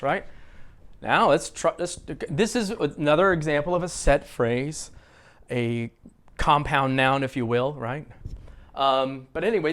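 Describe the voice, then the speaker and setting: A man's voice: fairly high pitch, fairly bright tone. An American man teaching an English speaking lesson, asking questions and having students repeat phrases after him. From United States. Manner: explains slowly, asks questions, has students repeat phrases. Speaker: ESL teacher.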